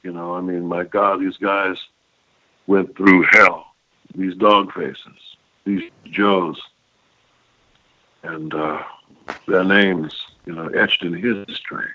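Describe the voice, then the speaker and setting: Heard over a lo-fi phone line, an older male voice actor reminisces in an interview, telling rambling, emphatic stories and frequently checking in with the listener. His voice is low, flat, and slow, broken by frequent pauses, yet bright and forceful in tone.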